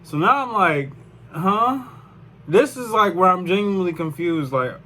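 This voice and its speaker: A man's voice: sits high, expressive, a little fast, bright, forceful tone. A young man telling a personal story in a casual, rambling way, full of swearing and "like". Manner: rambling, profane, lots of "like". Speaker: vlogger.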